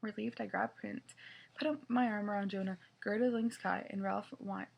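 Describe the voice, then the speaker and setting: A woman's voice: medium pitch, fairly even intonation, moderate pace, creaky, breathy edge, muffled recording. A woman reading a children's novel aloud in the first person, with small slips and restarts. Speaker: reader.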